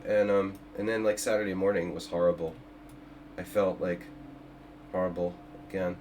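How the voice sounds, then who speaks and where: A man's voice: lowish voice, fairly even intonation, moderate pace, darkish tone, slight background noise. An older man hosting a chess simul on a livestream, chatting casually with jokes, asides and restarts. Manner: joking, rambling, with many restarts and asides.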